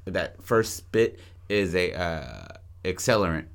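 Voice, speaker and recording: A man co-hosting a podcast, casually pitching a movie plot in profane, animated storytelling full of restarts. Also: slow, vocal fry. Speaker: podcast co-host.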